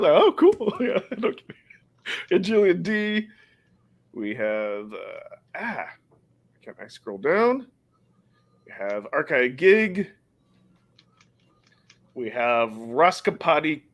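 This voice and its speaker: A man's voice: a little high, sing-song, takes it slowly, long pauses. A man hosting a casual podcast chat, chatty and laughing often, sometimes stumbling over names. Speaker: podcast host.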